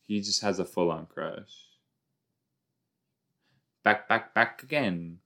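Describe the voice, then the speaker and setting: A man's voice: on the low side, takes it slowly, pushed and bright. A man hosting a rewatch podcast, giving rambling, jokey reaction commentary that often trails off.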